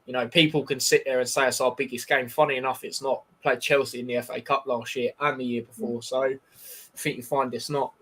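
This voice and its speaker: Speaking a little fast in a mid-range, flat voice that's a bit bright with a breathy edge, this man runs a live football watchalong. His stream chat is rambling and full of banter and fillers, mixed with commentary on the match as it happens.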